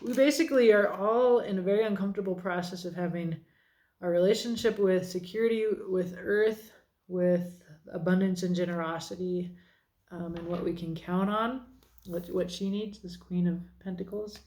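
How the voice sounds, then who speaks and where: A woman's voice: fairly low pitch, moderate pace, darkish tone. A woman giving a casual tarot card reading, chatty and self-deprecating, thinking aloud as she turns each card. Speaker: tarot reader.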